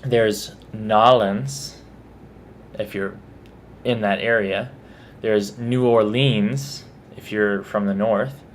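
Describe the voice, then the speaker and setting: A man's voice: fairly low pitch, steady tone, slow, a little hiss or hum. A man from Texas with a Texan accent, reading out a word list and casually commenting on how he says each word. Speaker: vlogger.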